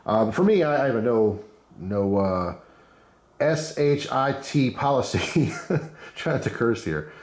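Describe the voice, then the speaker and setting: A man's voice: mid-range voice, expressive, slow pace, darkish tone. A man rambling casually as a knife reviewer, chatty and opinionated, with frequent asides. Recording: roomy echo.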